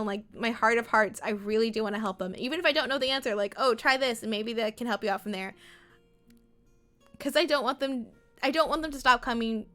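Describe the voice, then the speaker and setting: Bright, chatty woman streamer. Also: on the high side. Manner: chatty and rambling, often acts out her own and others' words. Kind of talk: casual chat while livestreaming a game.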